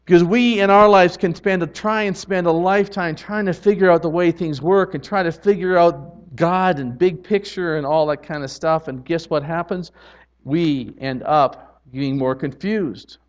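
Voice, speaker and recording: A man delivers a sermon in a slightly raised voice, earnest and emphatic, swinging between hushed moments and forceful declarations. The recording sounds muffled and lo-fi. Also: a little high, normal speed. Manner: earnest preaching, swelling to loud emphatic lines. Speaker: pastor.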